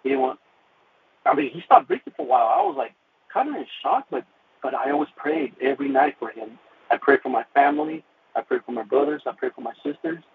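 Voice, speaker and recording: Man, earnest testimony storyteller, rough fry in the voice, halting delivery, tinny phone-line sound. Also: medium pitch, expressive. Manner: earnest, halting, many fillers and restarts. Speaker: guest telling his faith testimony. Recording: tinny phone-like radio recording with faint noise.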